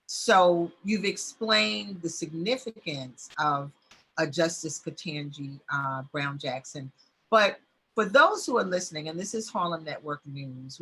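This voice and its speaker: A woman hosts a community news interview, her voice bright and a little husky. She talks freely, leaning on fillers as she sets up her questions. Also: sits low, measured pace. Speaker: host.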